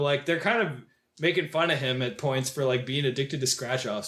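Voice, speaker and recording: A man's voice: on the high side, a bit bright. A man co-hosting a film podcast, rambling in casual talk with lots of filler words. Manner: rambling, heavy use of "like" fillers. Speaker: podcast co-host.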